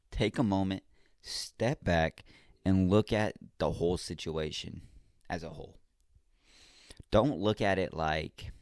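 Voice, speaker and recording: A man hosting a podcast, talking casually and straight to the listener in a relaxed, slangy monologue. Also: low-pitched, no room sound, studio quality. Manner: laid-back, slangy, talks straight to the listener. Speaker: podcast host.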